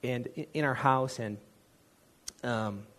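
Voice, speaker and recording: Man, mid-pitched, sharing his faith story from the pulpit; earnest, chatty, pokes fun at himself. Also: takes it slowly, fairly bright tone. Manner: earnest, conversational storytelling with self-deprecating asides. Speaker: church speaker sharing a testimony. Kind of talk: personal testimony in a sermon.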